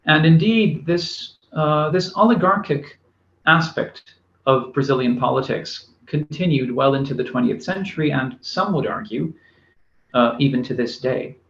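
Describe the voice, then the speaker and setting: A man's voice: fairly high pitch, expressive, a little slow, fairly bright tone. A man giving a recorded university lecture, speaking with many fillers and restarts. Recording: echoey room, dull lo-fi sound.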